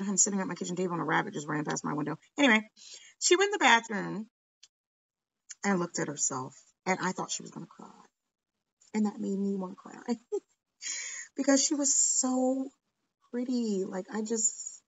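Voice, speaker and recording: A woman's voice: mid-range voice, animated, moderate pace, creaky, fairly bright tone, low-quality recording. A middle-aged woman chatting casually while she crafts at her kitchen table, rambling from story to story and laughing often. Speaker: crafting vlogger.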